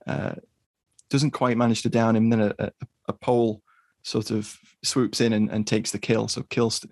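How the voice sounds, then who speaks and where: A man's voice: on the low side, flat delivery, moderate pace, creaky, darkish tone, no echo. A man co-hosting a film podcast, talking casually with hesitant restarts. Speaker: podcast co-host.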